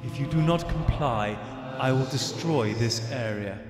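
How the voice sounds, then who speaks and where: A cold, unhurried towering blue being, as a man puts it on issues slow, flat commands. The voice rings out with a long, echoing reverb and a wash of noise behind it, like an audiobook creature. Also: medium pitch, lightly acted. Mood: coldly calm. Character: seven-foot blue hovering male being, calm and cold.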